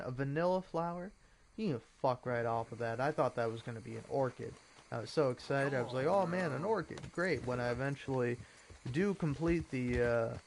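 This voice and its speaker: A man's voice: mid-range voice, gravelly, slight background noise. A man giving casual, profane gameplay commentary, ranting in exasperation and laughing at his own jokes. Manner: profane, exasperated rants with mock voices and laughter. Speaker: gaming commentator.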